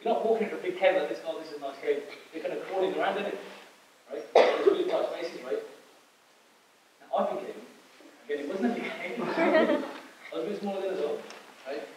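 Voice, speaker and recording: Guy talking fast to a youth camp, questions the crowd, sounds far off in a big echoey hall with noise. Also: high-pitched, expressive. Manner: storytelling, asks the audience questions, laughs often. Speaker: camp speaker. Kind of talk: lively talk to a youth audience. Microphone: distant microphone.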